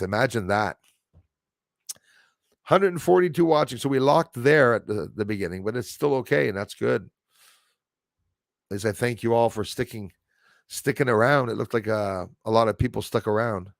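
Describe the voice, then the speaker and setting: Male livestream host, rambling and animated, average-pitched voice, very dry close sound, chats to viewers between restarts. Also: dry recording. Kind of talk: rambling livestream chat reading viewer comments.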